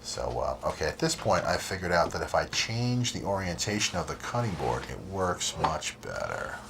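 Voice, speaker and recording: A man's voice: deep voice, lively intonation, moderate pace. A man hosting a cooking show, chatting casually and rambling easily, with frequent laughs, in a community TV studio. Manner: easygoing, rambling, laughs often. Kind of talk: casual chat over cooking footage. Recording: noisy community TV studio audio.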